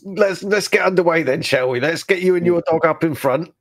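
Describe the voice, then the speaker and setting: A man's voice: a little high, fairly quick, a bit bright, dry recording, clean studio sound. A man narrating a tabletop game scene in an easygoing way.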